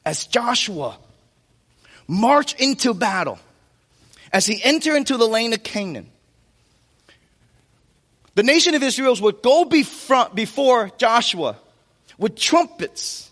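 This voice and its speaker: High-voiced man preaching in a reverberant hall. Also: very animated, fairly bright tone. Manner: impassioned preaching with emphatic slow-downs. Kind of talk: sermon. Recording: long reverb of a large hall.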